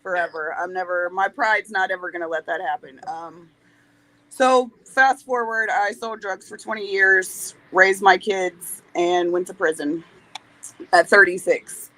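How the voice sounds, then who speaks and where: A woman's voice: medium pitch, fairly even intonation, measured pace, sharp tone, low-quality recording. A woman in her forties, a podcast guest speaking candidly in a blunt, plain-spoken way and swearing freely. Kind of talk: candid interview talk.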